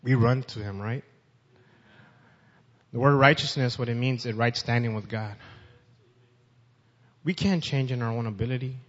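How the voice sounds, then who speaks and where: A man's voice: mid-range voice, moderate pace, long pauses. A man preaching a sermon, reading scripture aloud with rising force and speaking directly to his listeners. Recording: dull sound with long reverb.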